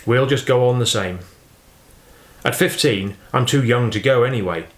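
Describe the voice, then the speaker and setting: A man's voice: medium pitch, moderate pace, close to an everyday voice. A man voicing an eager, affectionate fifteen-year-old farm boy in an audiobook reading. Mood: wistful. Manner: earnest, affectionate, chatty. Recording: roomy echo.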